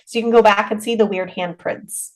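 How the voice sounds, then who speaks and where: A middle-aged woman chats loosely as a podcast guest, in an everyday voice that sits at a middle pitch. She circles around her points and restarts her sentences often, letting clauses trail off. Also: fairly even intonation, fairly quick, darkish tone, rough recording. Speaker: haunted rental owner, podcast guest. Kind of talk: casual interview chat.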